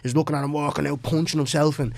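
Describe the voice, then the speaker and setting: A man's voice: on the high side, little pitch movement, quick pace, creaky, darkish tone, no echo. A young Irish man speaking as a guest, chatting loosely with lots of "bro" and "you know what I mean". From Ireland. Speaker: guest, cage fighter. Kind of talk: casual podcast chat.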